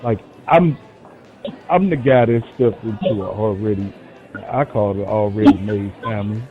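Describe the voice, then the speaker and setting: A man's voice: lowish voice, moderate pace. A man co-hosting a casual chat, speaking candidly from personal experience. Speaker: co-host. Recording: muffled lo-fi audio with faint music.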